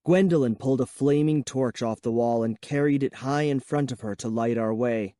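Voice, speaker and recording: A man narrating a children's horror audiobook in first person with a measured, suspenseful reading. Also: medium pitch, mellow, no echo, clean studio sound.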